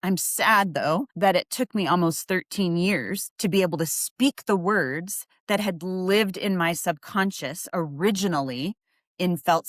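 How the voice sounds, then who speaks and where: A woman's voice: fairly low pitch, fairly bright tone, dry recording, clean studio sound. A woman hosting her own podcast, talking in an earnest, reflective way and openly letting her emotions show. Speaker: podcast host and adoptee coach. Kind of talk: podcast monologue.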